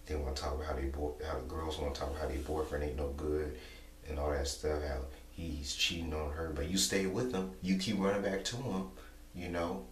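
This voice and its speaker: A young man talking casually to camera, repeating himself and filling pauses with "you know". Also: extremely low pitch, little pitch movement. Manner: repetitive, rambling, many "you know" fillers. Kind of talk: casual monologue vlog. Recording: echoey room, distant mic, faint hum.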